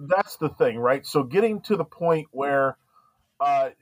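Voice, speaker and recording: A man's voice: medium pitch, lively intonation, a little slow, no echo. A man being interviewed as a guest comedian, talking casually and rambling with many fillers and restarts.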